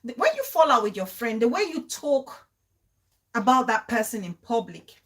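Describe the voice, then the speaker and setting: A woman's voice: fairly high pitch, big pitch swings, normal speed. A young woman hosting a casual live-stream talk, chatting and repeating phrases for emphasis. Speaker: show host.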